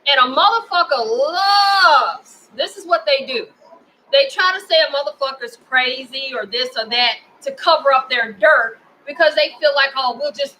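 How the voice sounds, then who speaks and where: A high-voiced woman with a Memphis accent, ranting with fierce, profane indignation. Her tone is bright and edged, with faint background noise under it. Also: low-quality recording. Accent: Memphis, Tennessee. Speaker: vlogger. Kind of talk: angry personal rant to camera.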